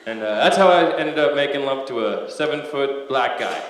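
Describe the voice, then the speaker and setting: A man doing a stand-up comedy set on a club stage, deadpan with lots of "uh" pauses. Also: mid-range voice. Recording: echoey live club with loud noise.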